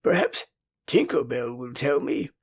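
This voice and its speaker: A man's voice: medium pitch, huge pitch swings, measured pace, gravelly, slightly rough, voice pushed down, exaggerated voice. An older man with an English accent voicing a frank, anxious, puzzled boy in an audiobook. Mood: boyish. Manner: boyish, frank, uncertain. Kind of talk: audiobook character voice.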